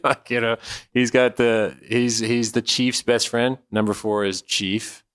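A man's voice: mid-range voice, flat delivery, measured pace, fairly bright tone, clean tone, no echo. A man, hosting a casual podcast chat, laid-back and joking. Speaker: podcast host, father.

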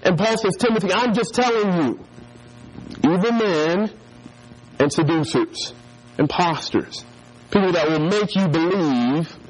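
A man's voice: on the high side, low-quality recording. A man preaching a sermon and telling a childhood story, acting out the voices of the people in it. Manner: animated storyteller who acts out voices.

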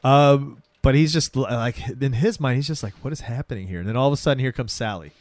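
A young man in easy conversation, retelling a show with lively bits of acted dialogue. His voice sits at a middle pitch and sounds close and dry, with no room around it. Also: quick pace, no echo. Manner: animated, acts out characters' lines while retelling. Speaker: podcast co-host. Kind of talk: casual chat recapping a TV episode.

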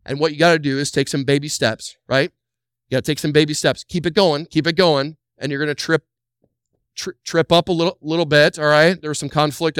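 A man preaching a sermon as a pastor, animated, acting out the voices of church members. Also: a little high, clear, resonant tone, dry recording, clean studio sound.

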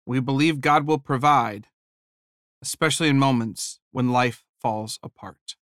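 A man preaching a sermon, telling a story from his teaching days with animated, humorous delivery. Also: medium pitch, unhurried, no echo, studio quality. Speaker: preacher and former high school teacher.

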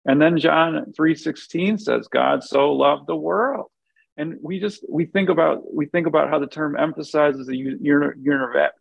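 Gravelly-voiced man teaching scripture. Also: mid-range voice, no echo, low-quality recording. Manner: earnest, thinks aloud with many restarts and fillers. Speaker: podcast co-host. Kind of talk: conversational Bible teaching.

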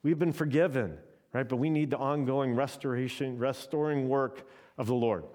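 A man's voice: mid-range voice, steady tone, moderate pace, darkish tone. Conversational male preacher, "right?" asides. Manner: conversational, often adds "right?". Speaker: pastor. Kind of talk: sermon.

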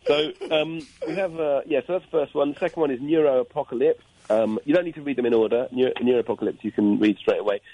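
A man's voice: medium pitch, quick pace, warm tone, dull audio. A man, a guest author on a radio talk show, plugging his books with lots of fillers in a rambling way. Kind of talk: casual radio interview.

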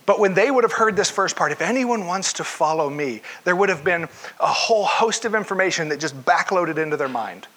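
A man's voice: high-pitched, animated, fairly quick, fairly bright tone. A male pastor preaching a conversational sermon to his congregation, asking them questions along the way.

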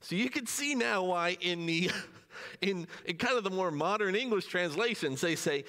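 Lively, bright-voiced pastor preaching in a hall. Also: male voice, high-pitched, normal speed. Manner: conversational, asks the congregation questions, acts out dialogue. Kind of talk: sermon. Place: church sanctuary.

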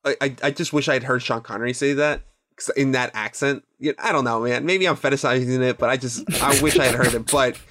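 A man hosting a podcast in casual chat, telling stories in a rambling, animated way with many restarts. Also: medium pitch, brisk. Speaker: podcast host.

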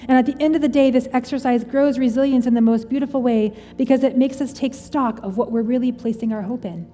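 A woman in her thirties preaches in an earnest, personal, conversational way, her voice a little high yet mellow and warm in tone. Her words ring out into a large church auditorium with a long reverb tail, and soft music plays faintly underneath. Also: steady tone, fast. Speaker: pastor. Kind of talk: sermon.

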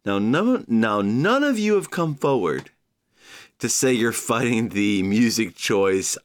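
A man hosting his own podcast, alone at the mic, rambling in a playful, loose way. His voice sits a little low, but it swings up and down a lot as he talks. He speaks straight to his listeners. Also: big pitch swings, a little slow. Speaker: podcast host. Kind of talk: casual solo podcast monologue.

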